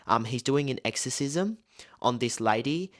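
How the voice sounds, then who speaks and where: A man's voice: medium pitch, lively intonation, moderate pace. Young male film reviewer, casual and rambling, heavy on "like" and "um". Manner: loose, rambling, full of "like" and "um". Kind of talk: casual spoken film breakdown.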